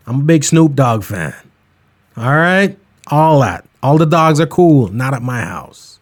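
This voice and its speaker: A podcast host rants in a casual, comedic way, his medium-pitched voice moving at a measured pace. He's animated and emphatic, and he keeps it real.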